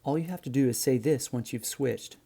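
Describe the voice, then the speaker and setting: Brief: a male flight instructor with a warm, gravelly voice, explaining in an easygoing way. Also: medium pitch, brisk, a little hiss or hum. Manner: relaxed, friendly explaining, addresses viewers as guys. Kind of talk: instructional narration.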